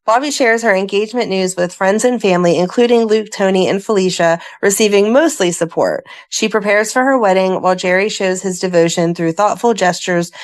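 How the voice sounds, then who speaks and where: A woman's voice: medium pitch, fairly quick, hardly any pauses. A woman co-hosting a fan podcast, reading plot recaps aloud and breaking off into chatty asides. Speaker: podcast co-host. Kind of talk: casual chat, reading episode recaps.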